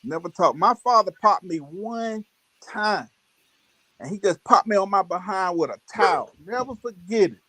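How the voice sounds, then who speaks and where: A man casually telling childhood stories on a livestream, animated and laughing, full of slang. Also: high-pitched, normal speed, no echo. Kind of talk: casual storytelling chat.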